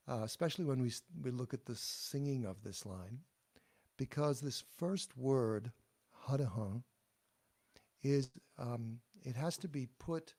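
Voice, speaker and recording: A man leads a pronunciation lesson at a slow, unhurried pace. His voice is gravelly and mellow. He demonstrates each phrase and leaves room for the listener to repeat it. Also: medium pitch. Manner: slow, patient and explanatory, demonstrating words then pausing for repetition. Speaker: teacher. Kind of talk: pronunciation lesson, call and response.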